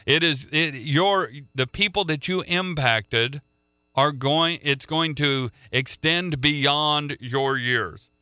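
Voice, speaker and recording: Bright, crisp-voiced male preacher. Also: fairly high pitch, slow, no echo, studio quality. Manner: earnest, repeats words as he restarts. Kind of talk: sermon.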